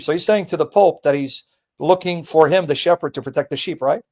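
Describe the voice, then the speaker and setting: A man's voice: on the high side, brisk, darkish tone. A man hosting a casual online religious discussion, reading long quotes aloud and pressing his guests with emphatic questions. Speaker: host of a religious debate stream.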